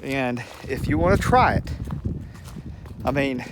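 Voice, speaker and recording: Animated but slow, this man's medium-pitched voice carries a rambling, down-home story told straight to the camera. He's a channel host who chuckles as he talks, recorded at home against a faint hum.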